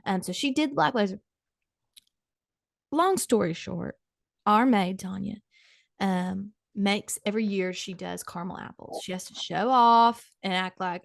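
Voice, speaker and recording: A woman's voice: medium pitch, moderate pace, gravelly, dry recording, studio quality. A middle-aged woman hosting a comedy podcast, telling a dramatic, gossipy story to her co-host.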